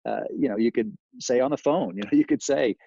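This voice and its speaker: A man's voice: mid-range voice, brisk, gravelly, warm tone, breathy edge, no room sound, lo-fi sound. A man giving a sales training talk, rambling with many fillers and acting out lines he would say to customers.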